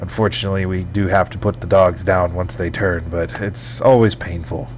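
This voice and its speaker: A man's voice: deep voice, fairly even intonation, moderate pace, pitched below the performer's own voice, lightly acted. A man voicing a solemn male ghost swordsman who speaks formally and hesitantly, full of sorrow, with a faint hum behind him. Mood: sorrowful. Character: weary, solemn male ghost swordsman, protector of lost spirits.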